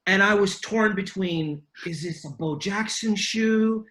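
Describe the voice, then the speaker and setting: A middle-aged man with a rather high voice rambles through a story, full of fillers and restarts. He comes through a video call, and his tone is bright and forceful. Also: measured pace. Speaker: podcast guest. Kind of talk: casual chat.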